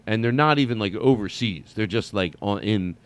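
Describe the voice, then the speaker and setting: A man's voice: fairly low pitch, animated, normal speed, clear, resonant tone. A man telling a story casually as a comedian host, rambling with many restarts and some swearing. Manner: rambling, profane, lots of restarts.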